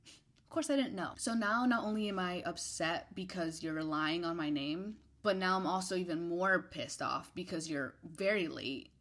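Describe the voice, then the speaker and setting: A young woman casually telling a storytime, animated and petty, acting out quotes and dropping to whispered asides. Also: on the low side. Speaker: vlogger.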